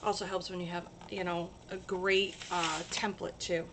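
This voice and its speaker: A woman hosting a casual crafting livestream, chatty and gushing with excitement. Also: lowish voice, moderate pace, noisy background.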